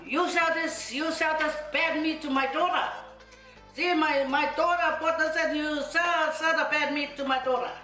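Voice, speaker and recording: A woman voicing an angry male taxi driver demanding his money back, in a high strained shouting voice. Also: steady tone, moderate pace, reverberant, faint music behind, rough recording.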